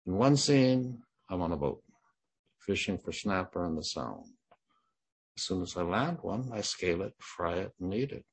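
A man in his sixties reading his first-person memoir in a plain, measured way. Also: low-pitched, lively intonation, husky. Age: 60s. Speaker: memoir narrator.

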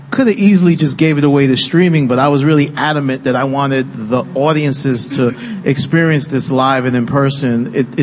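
A man speaking passionately and earnestly on a film panel, getting emotional as he talks. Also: medium pitch. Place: event hall with live audience. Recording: long-reverb hall with faint noise.

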